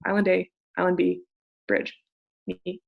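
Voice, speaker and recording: Young woman, gravelly fry, upbeat casual coaching talk with mild swearing. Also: fairly low pitch, unhurried, narrow, tinny audio. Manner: energetic, chatty, swears casually. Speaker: network marketing coach. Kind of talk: casual motivational talk on a group call.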